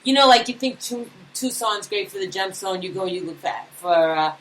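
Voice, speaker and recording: A woman's voice: medium pitch, animated, moderate pace, a bit bright, slight background noise, rough recording. Slangy Brooklyn-accented female co-host. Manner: casual, slangy, swears freely. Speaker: radio co-host. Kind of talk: casual talk radio banter.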